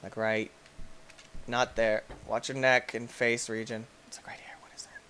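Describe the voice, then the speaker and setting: A young man giving excitable let's-play commentary as a gaming YouTuber, yelping and shrieking when things go wrong. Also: mid-range voice, normal speed, a little hiss or hum. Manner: excitable, yelps and shrieks at in-game deaths.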